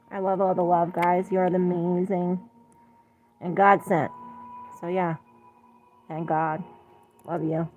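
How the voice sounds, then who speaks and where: A woman's voice: fairly low pitch, fairly even intonation, slow pace, pauses often, darkish tone, slight background noise, rough recording. A woman giving a casual tarot reading to her viewers, rambling with many "it's like" and "you know", speaking fondly to them and dropping in Spanish endearments. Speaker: tarot reader.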